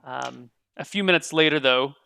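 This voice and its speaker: A man narrating as dungeon master in a tabletop game, relaxed with frequent ums. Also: mid-range voice, moderate pace, vocal fry, smooth.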